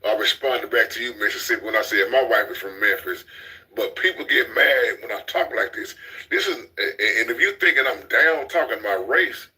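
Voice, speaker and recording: A man's voice: on the low side, moderate pace, pushed and bright, rough recording. A man, talking bluntly in a casual commentary chat, preaching and repeating his points as the host.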